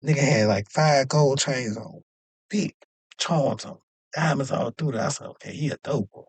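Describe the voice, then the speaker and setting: A young man casually telling a long, animated story, jumping up in pitch whenever he acts out other people's lines. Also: moderate pace, husky, no room sound. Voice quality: animated, acts out quoted voices with jumps in pitch. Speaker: podcast host.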